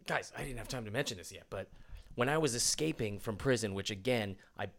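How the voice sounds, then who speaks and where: A man playing a tabletop game, telling his character's exploits in an animated, boastful way. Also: fairly low pitch, brisk, creaky. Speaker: player. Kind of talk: casual tabletop banter.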